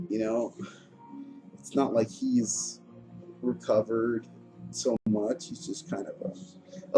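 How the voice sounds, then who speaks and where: Low-voiced man, halting candid monologue. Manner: halting and frank, with frequent fillers, restarts and swearing. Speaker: vlogger telling his life story. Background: music playing.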